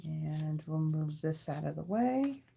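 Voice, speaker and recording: A woman's voice: low voice, lively intonation, slow, gravelly, dark tone, slightly rough. A woman hosting a live card-making stream, chatting casually with viewers and talking them through her table as she tidies up. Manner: chatty, thanks viewers by name, talks while tidying her desk. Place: home craft studio.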